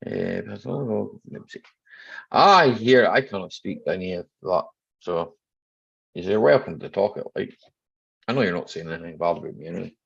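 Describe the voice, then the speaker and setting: A man's voice: low-pitched, animated, moderate pace, vocal fry, fairly bright tone, breathy edge. A middle-aged Scottish man hosting a casual live chat from home, greeting viewers by name and joking. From Scotland. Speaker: live stream host. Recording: slightly dull lo-fi live stream audio.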